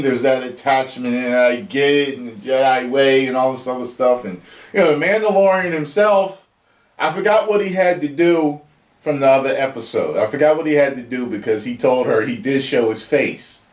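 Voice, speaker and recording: A man chatting casually and emotionally as he reviews a show he just watched. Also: mid-range voice. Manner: chatty, emotional, chuckles as he talks. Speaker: YouTube reaction reviewer. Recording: roomy echo.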